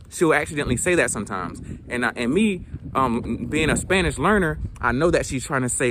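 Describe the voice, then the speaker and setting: A man's voice: on the high side, expressive, fairly quick, background noise. A young man from South Georgia with a light Southern accent, talking casually to camera about learning languages, earnest and reflective, with frequent fillers and restarts. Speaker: language vlogger.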